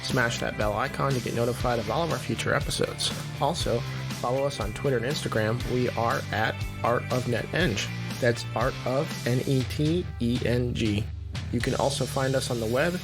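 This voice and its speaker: A man reading a podcast outro in a brisk, loud, upbeat way. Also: mid-range voice, vocal fry, over music. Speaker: podcast host.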